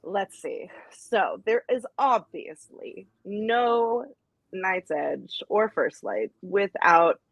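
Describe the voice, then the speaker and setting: Husky-voiced woman co-host on earbuds, gushy and halting, dry sound. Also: medium pitch, dry recording, rough recording. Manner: gushing, halting, many restarts. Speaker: podcast co-host. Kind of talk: casual podcast chat. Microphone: AirPods.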